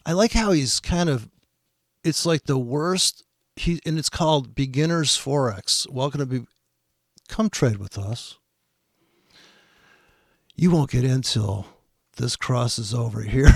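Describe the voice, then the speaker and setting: A man's voice: medium pitch, lively intonation, a little slow, vocal fry, long pauses, dry recording, clean studio sound. A man giving profane, sarcastic commentary on a trading video, sounding exasperated and swearing often.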